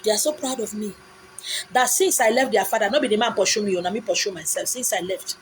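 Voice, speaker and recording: Speaking fairly quickly in an expressive, mid-range voice, this Nigerian-accented woman preaches with passion, repeating herself insistently and firing off rhetorical questions. Pidgin asides pepper her phrasing, and the recording is poor quality with a little background noise.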